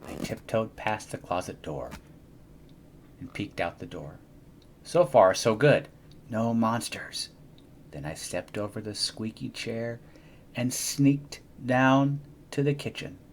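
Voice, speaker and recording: A young adult man reading a children's storybook aloud in an expressive, animated way. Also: lowish voice, takes it slowly, long pauses, slight background noise. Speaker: storybook reader.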